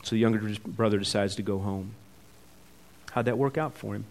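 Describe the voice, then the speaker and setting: A man preaching a sermon who asks the congregation questions, swings between loud emphatic peaks and quiet asides, and acts out the characters' words as he reads. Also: fairly low pitch, fairly quick. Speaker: pastor.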